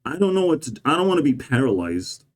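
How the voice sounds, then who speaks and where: A man's voice: fairly high pitch, big pitch swings, quick pace. A man delivering a rambling, profane and sarcastic monologue as a vlogger. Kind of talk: ranting monologue.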